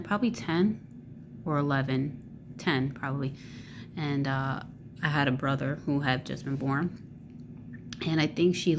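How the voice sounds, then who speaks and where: A woman with a low, gravelly voice speaks casually to her camera. She rambles, fills gaps with ums and likes, and swears freely. A faint hiss sits behind her. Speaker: vlogger.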